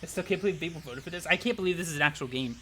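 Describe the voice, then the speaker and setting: A man's voice: on the high side, rapid-fire, slight background noise. Swearing man streaming a game. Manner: swears often, reacts loudly. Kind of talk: casual livestream playthrough.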